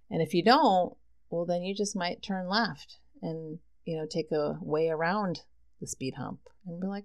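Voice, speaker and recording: A woman hosting a solo podcast, reading tarot cards and talking in an excited, effusive way. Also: fairly low pitch, moderate pace. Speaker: podcast host.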